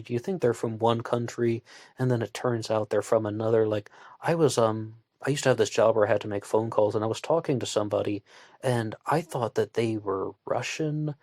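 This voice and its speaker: Recorded with studio quality and no echo, a fairly low, darkish male voice proceeds at a moderate pace. The speaker, a Virginia man from West Virginia, USA, hosts a true-crime podcast, narrating in a loose, chatty style and putting questions to listeners.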